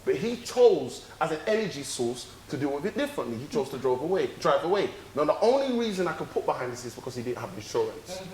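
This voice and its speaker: Animated man. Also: a little high, fast talker, few pauses, a little hiss or hum. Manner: animated, swearing, acts out dialogue. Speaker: podcast co-host. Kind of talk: casual chat, storytelling. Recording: echoey room.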